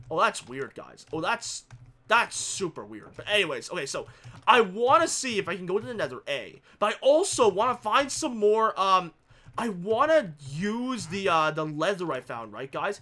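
A man's voice: high-pitched, big pitch swings, normal speed, pushed and bright. A young man commentating his own game, jittery and panicky, repeating phrases and yelping. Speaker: gaming YouTuber. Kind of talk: Let's Play commentary.

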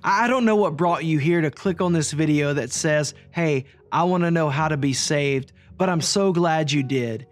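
Man, high voice, earnest sermon to camera, repeats phrases, soft music underneath. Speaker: ministry leader. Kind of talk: gospel message to camera.

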